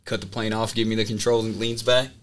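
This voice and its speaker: A man with a fairly low voice tells a story in casual podcast chat, animated and loose. His talk is full of filler words as he describes his time as a student pilot. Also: quick pace, noisy background.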